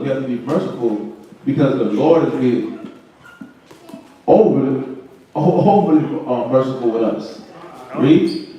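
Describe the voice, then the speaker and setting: Teaching a Bible class, a man with a medium-pitched, dark voice walks through verses in a conversational preaching manner, mixing in slang and acted-out quotes. The recording comes from a distant mic in an echoey room, with slight background noise.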